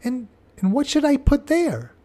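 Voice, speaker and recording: A man doing a small earnest kid, high stammering questions, animated voice, for a read-aloud quote. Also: unhurried, full character voice. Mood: puzzled. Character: small eager child, puzzled and earnest.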